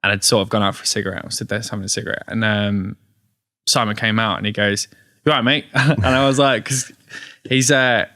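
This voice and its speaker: Lively man telling a story. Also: lowish voice, fairly quick, no echo, studio quality. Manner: storytelling, animated retellings, laughs often. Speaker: gig promoter, guest. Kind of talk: casual interview chat. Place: podcast studio.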